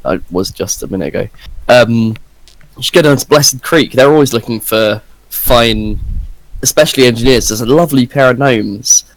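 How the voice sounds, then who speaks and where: A man's voice: mid-range voice, normal speed, dry recording, low-quality recording. A man playing a tabletop game, chatting persuasively in character. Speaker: player.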